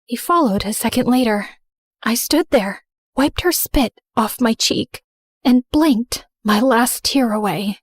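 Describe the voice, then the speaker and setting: A woman narrating in first person as a remorseful, misunderstood teenage girl, earnest and soft. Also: a little high, unhurried, breathy edge, dry recording, studio quality. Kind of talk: scripted story narration.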